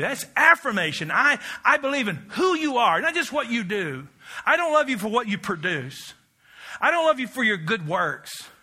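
A middle-aged male preacher with a high, brilliant, ringing voice. He preaches emphatically and has the congregation repeat phrases back to him. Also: sharp tone. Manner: emphatic, call-and-response with congregation. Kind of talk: sermon.

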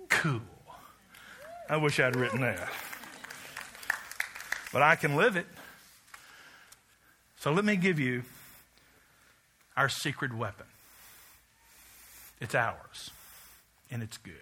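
A man's voice: medium pitch, animated, slow, pauses often, sharp tone, husky. A man preaching a rousing, rhythmic sermon, leading the congregation in chants and slipping in joking asides. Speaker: pastor.

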